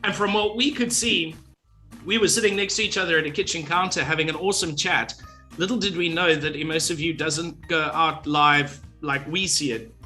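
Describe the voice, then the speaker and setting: A man's voice: on the high side, moderate pace, bright, forceful tone, faint music behind. A man co-hosting a playful business show over a video call, goofy and jokey. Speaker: co-host.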